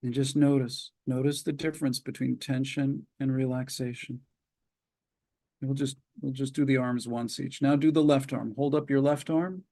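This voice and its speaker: Calm man guiding muscle relaxation. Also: medium pitch, creaky. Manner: slow, calm step-by-step cues with long pauses. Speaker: psychologist leading a webinar. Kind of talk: guided muscle relaxation instruction.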